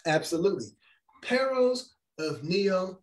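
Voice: mid-range voice, big pitch swings, brisk. A discussion host who moderates casually, affirming the guest eagerly and laughing between phrases.

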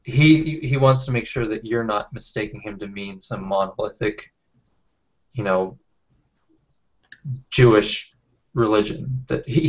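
A man with a lowish voice leads a casual book discussion over a video call, halting often with fillers and restarts. The audio is dull and lo-fi, like a webcam mic. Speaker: discussion leader. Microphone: webcam or computer mic on a video call.

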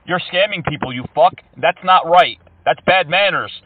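A taunting man with a New Zealand accent, pitched a little high, makes prank calls and laughs at the people he has reached. His voice sits back from the mic and comes through thin and narrow, like a phone line. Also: moderate pace, husky, no room sound. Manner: mocking, taunting, laughs often. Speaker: prank caller. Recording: distant, phone-like sound.

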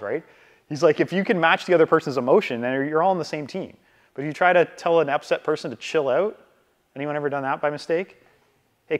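Man teaching in an echoey hall. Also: on the high side. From Canada. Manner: lively, acts out dialogue, keeps checking with "right?". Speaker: real estate trainer. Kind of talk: casual training talk to a room. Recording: reverberant hall from a distance.

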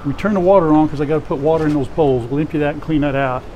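Man, farm vlog host, jovial and teasing, slightly high voice, lapel mic, faint outdoor noise. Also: very fast, dark tone. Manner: jovial, laughing, coaxing and teasing. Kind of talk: casual farm vlog chat. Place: outdoors and in a chicken coop.

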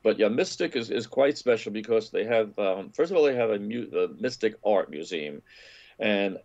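A man's voice: fairly low pitch, lively intonation, moderate pace, darkish tone, highs cut off. A man, a travel and food writer, talking casually in an interview, rambling with frequent restarts and enthusiasm over a video call. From New York area.

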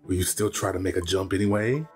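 A man's voice: deep voice, fast, soft background music. A man co-hosting a let's play, teasing his partner and reading the game's text aloud. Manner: teasing, animated, needling his co-host. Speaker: co-host of a let's play channel. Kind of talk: casual gameplay chat, reading game text aloud.

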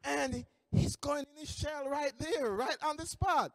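Male trainer, high lively voice, animated storyteller, reverberant hall. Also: unhurried, few pauses, studio quality. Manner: animated storytelling, many restarts. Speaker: employment trainer. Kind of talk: training lecture with stories.

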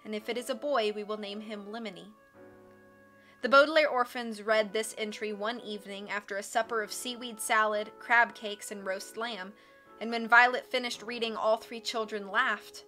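Woman, bright voice, expressive book reading, faint music behind. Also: on the high side, moderate pace. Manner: expressive reading with casual asides to chat. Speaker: streamer reading a book aloud. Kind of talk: audiobook reading on a live stream.

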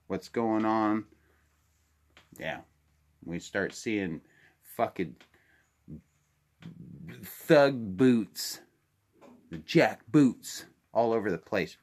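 An older man from Alaska delivering an angry, profane political rant to his camera, sighing wearily between outbursts. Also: lowish voice. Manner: angry, profane and ranting, with weary sighs. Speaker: vlogger.

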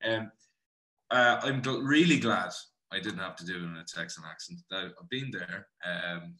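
In a low voice at a moderate pace, a man from Ireland chats animatedly through a relaxed interview about his acting. "You know" comes up again and again, and he addresses the interviewer as brother, all in an echoey room.

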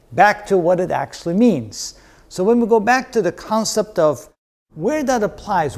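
A man's voice: a little high, a little mellow. A man giving a physics lecture, explaining step by step and often restarting and rephrasing mid-sentence.

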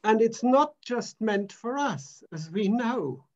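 A man minister preaching a sermon in an emphatic, measured way, repeating phrases for weight. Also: sits high, expressive, lo-fi sound.

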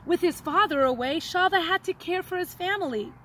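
A woman teacher reading a children's story aloud in an expressive, dramatic way. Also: very high-pitched, a little fast, a little hiss or hum, low-quality recording.

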